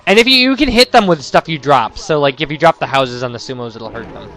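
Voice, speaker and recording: Young man, casual gameplay commentary, rambling storyteller, somewhat high voice, faint music. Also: lively intonation, fast, a bit bright. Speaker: let's play commentator.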